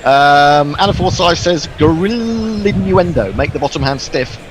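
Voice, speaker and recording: Brief: man, cricket co-commentator, a touch high-pitched, musing, easygoing, full of ums, faint hiss behind. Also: normal speed, a bit bright. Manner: musing, chatty, hesitant with fillers. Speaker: co-commentator reading listener messages. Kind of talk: live sports commentary chat.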